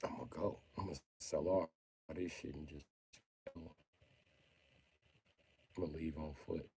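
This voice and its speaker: A man ranting on a casual livestream, profane and loud, breaking into high mock pleading. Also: steady tone, unhurried, vocal fry, slight background noise.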